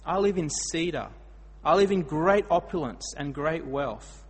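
An Australian preacher with a husky, slightly high voice tells stories in a sermon, expressive and unhurried. He swings dramatically between loud, emphatic bursts and quiet asides. The hall carries a long echo.

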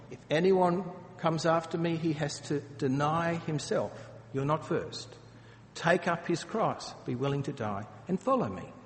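A man preaching a sermon, speaking earnestly and slipping into dramatic acted quotes. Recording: long hall reverb, faint rumble.

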